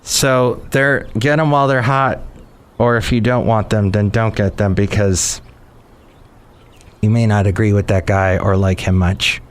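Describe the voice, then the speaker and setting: A man's voice: lowish voice, fairly even intonation, a little slow. A man hosting a podcast in a rambling, jokey, digressive monologue. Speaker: podcast host. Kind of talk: casual chat monologue.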